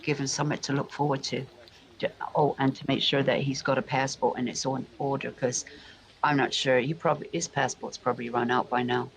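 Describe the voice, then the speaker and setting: This English vlogger's mid-range voice shows little pitch movement and moves a little fast as he wanders through family stories. His storytelling keeps restarting and drifting into asides, and the rough recording carries slight background noise.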